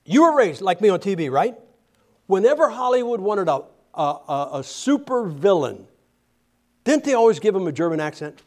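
High-voiced, animated male preacher. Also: moderate pace. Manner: animated, humorous, with frequent restarts. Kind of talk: sermon.

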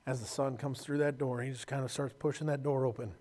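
A man preaching a sermon, telling stories with emotion and moving from loud passages to quiet, hushed ones. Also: mid-range voice, fairly even intonation, fast.

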